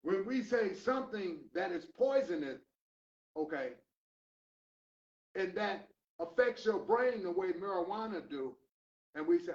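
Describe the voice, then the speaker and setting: An older man lectures a recovery class in a preachy way, firing loud rhetorical questions and then dropping to low mutters. His voice sits fairly high for a man. The recording is dull and lo-fi, caught from across an echoey room. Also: sing-song, measured pace, recorded from a distance.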